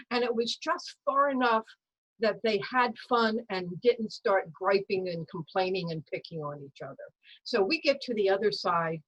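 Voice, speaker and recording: A woman telling a personal story at a story slam over a video call, in a lively, dramatic way. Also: medium pitch, highs cut off. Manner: lively, dramatic storytelling that acts out voices and sounds.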